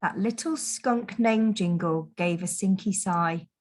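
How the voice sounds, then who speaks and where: A woman teacher reading a Christmas picture book aloud to children, in a gentle, expressive storytelling manner. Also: fairly low pitch, a little slow. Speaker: primary school teacher.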